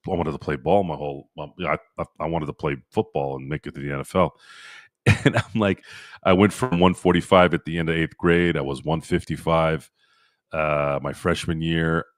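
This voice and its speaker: Deep-voiced man rambling on a live stream. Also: no room sound, clean studio sound. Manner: rambling, repeats himself, talks to chat by name. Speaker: sports podcast host. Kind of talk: casual live-stream chat reading viewer comments. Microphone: streaming microphone.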